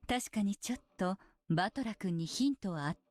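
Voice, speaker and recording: A woman voicing a calm, gently scolding witch teacher. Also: medium pitch, racing, lightly acted. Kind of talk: Japanese visual novel voice acting. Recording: game audio with clear music.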